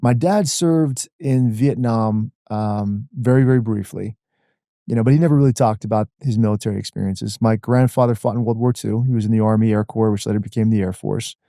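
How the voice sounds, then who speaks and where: A man in his forties from the Washington D.C. area talks through his past as a podcast guest, animated and casual, leaning on "man" and "like." His voice is warm and mellow. The sound is dry and close, with no room around it. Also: lowish voice, a little fast, no room sound. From Washington D.C. area, USA. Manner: animated, uses "man" and "like" a lot. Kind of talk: conversational storytelling.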